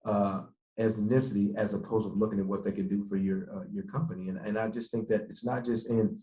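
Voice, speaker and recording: A man, a former pro football player, telling animated stories in an interview and acting out the people he quotes. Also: fairly low pitch, a little fast. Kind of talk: interview storytelling. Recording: echoey room.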